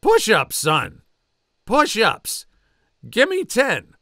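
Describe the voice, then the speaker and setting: A hard-barking army drill sergeant, put on by a man reading a story aloud, throws short commands at a recruit in a loud, pushed-up shout. The voice leaps around in pitch, and the sound stays close and dry, with no room around it. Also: huge pitch swings, slow pace, gravelly, dry recording, full character voice. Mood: gruff.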